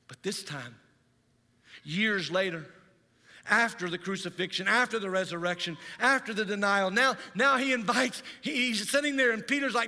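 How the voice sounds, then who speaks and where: A male pastor preaching a Sunday sermon in a church, telling stories in an animated, dramatizing way. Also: high voice, normal speed, in a large hall. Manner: animated storytelling, dramatizes scenes. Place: church sanctuary.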